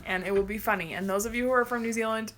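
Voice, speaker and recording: A woman chatting casually on a home livestream, rambling and quick to laugh. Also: fairly high pitch, fairly even intonation, fairly bright tone, a little hiss or hum. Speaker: livestream co-host. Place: home, indoors.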